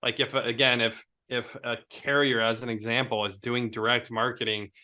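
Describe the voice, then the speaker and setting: A man co-hosting a casual podcast discussion, talking in an animated, rambling way with lots of fillers. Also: mid-range voice, normal speed. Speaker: podcast co-host.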